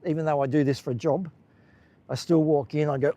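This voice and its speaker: A man's voice: on the high side, fairly even intonation, fairly quick, mellow. A chatty Australian man streams live as he strolls along a beach, his voice sitting a touch above the usual male range. He rambles loosely and answers viewers as he walks, the sound picked up on a handheld phone outdoors. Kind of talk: casual live-stream walking commentary.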